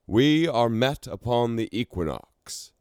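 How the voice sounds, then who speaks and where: A man's voice: mid-range voice, animated, slow pace, clean tone, dry recording, clean studio sound, pitched above the performer's own voice. A man voicing a scheming human scribe king who speaks formally and persuasively, in a storybook reading. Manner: formal, ceremonious speech.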